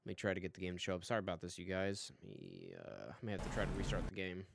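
A man streaming a game live, chatting casually with viewers, excitable and swearing often. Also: low-pitched, quick pace, vocal fry, very noisy. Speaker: gaming streamer. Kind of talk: live gameplay commentary.

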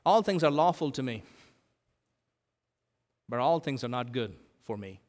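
A male pastor preaching a sermon, dramatic, swinging between loud emphasis and hushed quoted lines. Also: medium pitch, animated, measured pace. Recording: long hall reverb.

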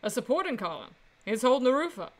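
A woman's voice: fairly high pitch, big pitch swings, fast. A woman casually playing and reading through a game on a stream, musing aloud. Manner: musing, reads dialogue and narration aloud.

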